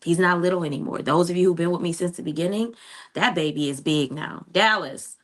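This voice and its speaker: A woman's voice: lowish voice, brisk. A middle-aged woman hosting a casual livestream, chatting with her viewers and calling them "child" and "honey". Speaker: livestream host.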